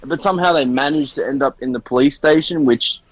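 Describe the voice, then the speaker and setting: Man, podcast co-host, mid pitch, rambling, self-mocking. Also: fairly quick, dry recording, poor audio. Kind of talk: casual chat.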